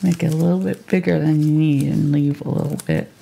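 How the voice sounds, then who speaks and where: A woman teaching a live painting tutorial step by step, thinking aloud as she works in a relaxed, chatty way. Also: deep voice, a little fast, gravelly, slightly rough. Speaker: painting instructor.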